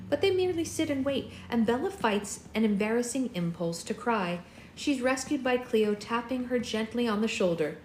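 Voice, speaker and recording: A young woman hosting a readalong, reading a novel aloud in a steady, expressive way. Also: mid-range voice, normal speed, reverberant, slight background noise. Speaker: readalong host.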